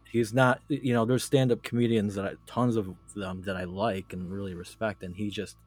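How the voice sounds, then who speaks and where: Male co-host, low voice, opinionated casual chatter. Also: steady tone, fairly quick, husky. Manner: blunt opinions with frequent restarts. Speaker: podcast co-host. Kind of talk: casual chat giving opinions.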